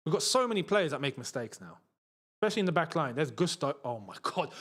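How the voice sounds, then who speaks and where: A man's voice: fairly high pitch, animated, fast, fairly bright tone. A man hosting a live football watchalong, commenting casually, reading chat messages and repeating himself in frustrated outbursts.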